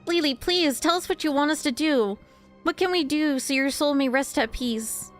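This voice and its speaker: A woman voicing a kind young female exorcist in a game, speaking in a gentle, pleading way. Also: high voice, moderate pace, faint music behind, pitched above the performer's own voice, close to an everyday voice.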